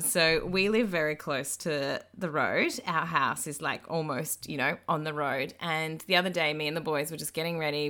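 A woman, co-hosting a podcast as an animated storyteller who laughs a lot. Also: deep voice. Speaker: podcast co-host. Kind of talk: casual podcast chat.

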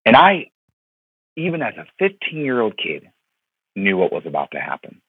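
A man in his thirties from Florida, a pastor speaking as a podcast guest, tells a personal story in an earnest, heartfelt way. His voice is fairly low and husky. He comes through a dry, tinny line that sounds like a phone call. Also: wildly swooping pitch, normal speed, no echo. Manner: earnest, heartfelt, with many fillers and repeated words.

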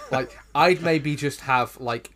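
Animated man reviewing a sitcom. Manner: animated, jumps into high mocking voices. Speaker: podcast co-host. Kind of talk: casual chat.

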